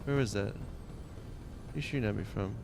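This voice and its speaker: Long island guy talking thru a game, kinda gravelly, loud game noise behind him. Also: fairly low pitch, a little fast. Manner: chatty, mutters to himself while looting. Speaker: game streamer. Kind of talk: casual gameplay commentary.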